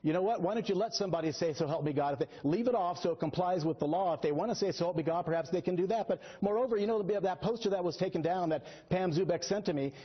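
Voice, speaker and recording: A man appears as a guest on a news show and argues his point at a rapid clip. He is sarcastic and excitable, with a husky edge, and he keeps talking over the host. The broadcast audio sounds dull and lo-fi. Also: sits high. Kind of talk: heated TV debate.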